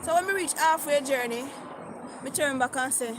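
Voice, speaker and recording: Jamaican lady on a phone livestream, high voice, chatty and mixing in patois, talking to her viewers. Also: a little fast, background noise. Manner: chatty, reads comments aloud, mixes patois. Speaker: vlogger. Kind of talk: live-stream storytelling.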